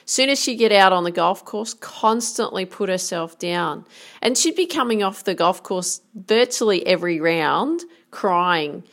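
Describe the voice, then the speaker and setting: A woman's voice: mid-range voice, expressive, unhurried, a bit bright. A middle-aged woman golf coach, giving an earnest, emphatic motivational talk.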